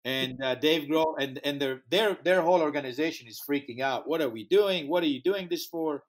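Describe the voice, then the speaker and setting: A man speaks in a somewhat higher register as he tells a story from behind the scenes of a festival. He jumps into quoted dialogue, and his English has a slightly non-native turn of phrase. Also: fairly quick. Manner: animated, acts out quoted dialogue. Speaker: music festival founder. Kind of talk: interview storytelling.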